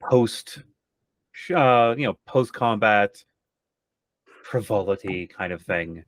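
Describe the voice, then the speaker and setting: A male game master narrates a tabletop game. He talks slowly in a low voice, with plenty of fillers and pauses. The sound is close and dry. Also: dry recording. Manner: unhurried, with many fillers.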